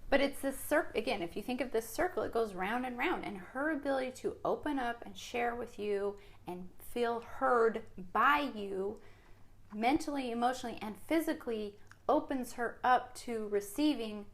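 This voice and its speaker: Expressive woman co-hosting a podcast. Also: fairly high pitch, normal speed. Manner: expressive storyteller, laughs often. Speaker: podcast co-host. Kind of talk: casual chat.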